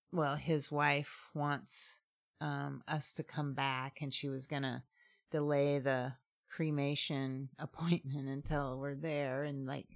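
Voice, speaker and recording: A woman's voice: sits low, gravelly. A woman from Southeast Alaska, co-hosting a casual chat podcast, talking chattily and laughing often. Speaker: podcast co-host.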